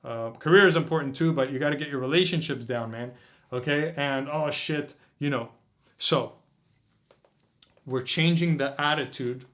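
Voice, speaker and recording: Guy coaching a workshop, fired up and swearing a lot, kinda high voice. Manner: intense, profane, preachy. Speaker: dating coach. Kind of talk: motivational workshop talk.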